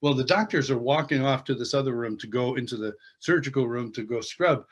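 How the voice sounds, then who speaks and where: Speaking fairly quickly in a mid-range voice, this interview guest launches into a lively story. He performs the different people in it with expressive energy and keeps laughing as he talks.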